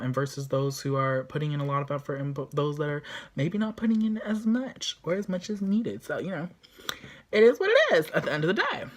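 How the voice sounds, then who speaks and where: A woman talks through her thoughts on a show episode in a loose, casual recap. Her voice sits low, and she rambles with plenty of fillers and sudden lively reactions. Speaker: show reviewer.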